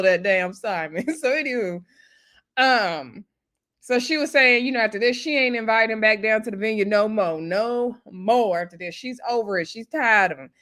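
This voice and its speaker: A woman giving a casual, gossipy recap of a reality show, animated and quick to laugh. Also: on the high side.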